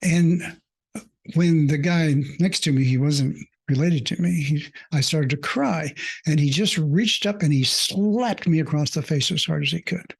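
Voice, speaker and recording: This man, a mindfulness coach, recounts something from his own life in a pitch on the high side, slightly rough and touched with vocal fry. His delivery is halting and reflective, dotted with fillers, sincere and emotionally open.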